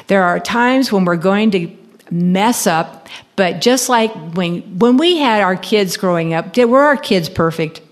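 A woman's voice: medium pitch, lively intonation, unhurried. A middle-aged woman preaching a sermon, telling stories with humor and acting out the dialogue. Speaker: preacher and Bible teacher.

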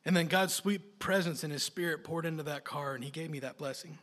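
Male preacher, somewhat high, bright and forceful tone, folksy animated sermon storytelling. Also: a little fast. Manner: folksy, animated storytelling with sudden loud bursts. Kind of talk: sermon with personal stories.

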